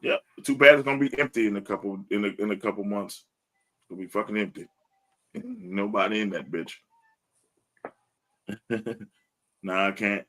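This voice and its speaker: A man's voice: fairly low pitch, normal speed, pauses often, sharp tone. A man co-hosting a casual sports podcast, talking bluntly with lots of profanity and laughing often between lines. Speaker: podcast co-host. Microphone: live stream podcast mic.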